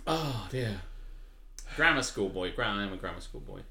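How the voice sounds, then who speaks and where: A man's voice: lowish voice, expressive, normal speed, sharp tone. Posh-sounding english guy, bouncy up-and-down voice, kinda echoey room. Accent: southern English, refined. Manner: playful, bursts into laughter, reads the chat. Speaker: co-host of a live stream. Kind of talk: casual live-stream chat. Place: home room.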